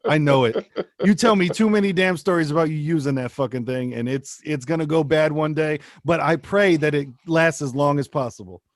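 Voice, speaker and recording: A man's voice: a little high, a little fast, no room sound, clean studio sound. A man co-hosting a casual podcast, telling a story and reacting with disbelief. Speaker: podcast co-host.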